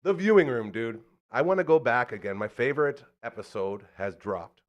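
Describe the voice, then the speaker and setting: A man's voice: medium pitch, expressive, normal speed, muffled recording. Playful man hosting a casual chat. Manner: joking, playful, laughs often. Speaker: podcast host. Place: small podcast studio.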